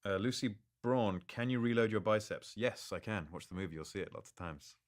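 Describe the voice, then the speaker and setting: A man answering fan questions in a live Q&A, reading each question aloud and replying in a relaxed, good-humored way, often stumbling and restarting. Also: lowish voice, brisk. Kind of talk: live social-media Q&A.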